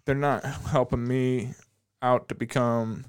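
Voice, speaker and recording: A deaf man talking casually on a podcast, halting and often repeating his words. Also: mid-range voice, flat delivery, clear, resonant tone. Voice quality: speech of a deaf speaker. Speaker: podcast regular.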